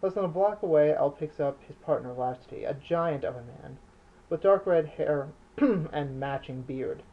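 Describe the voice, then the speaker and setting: Man reading his own novel, gravelly voice. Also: on the high side, a little slow, highs cut off. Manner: plain, unpolished reading with slips and restarts. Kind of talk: audiobook narration.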